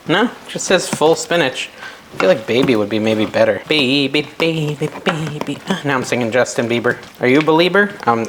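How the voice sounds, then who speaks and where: A man's voice: medium pitch, a bit bright. A young man chats his way through a recipe at his own stove, thinking aloud and poking fun at himself as he goes. His tone is casual and unpolished, like a home cooking vlog. A light hiss sits under the recording. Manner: chatty, self-deprecating, thinks aloud while cooking. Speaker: cooking video host. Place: home kitchen.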